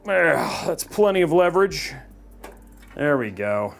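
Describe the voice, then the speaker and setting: A man's voice: on the high side, very animated, a little slow, creaky, faint music behind. A man hosting a live PC-building stream from a studio. He chats casually and cheerfully and rambles with plenty of fillers. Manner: chatty, upbeat, rambling with fillers. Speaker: livestream host building a PC.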